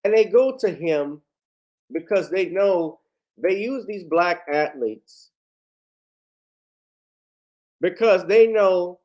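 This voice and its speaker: Indignant male livestream host, fairly high voice. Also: slow pace, darkish tone. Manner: indignant and blunt, swears freely. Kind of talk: heated commentary.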